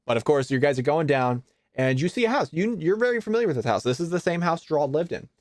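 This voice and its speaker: A man's voice: a little high, big pitch swings, fast talker, no room sound, studio quality. A young man narrating as game master of a tabletop role-playing game, casual, with many fillers and frequent laughs.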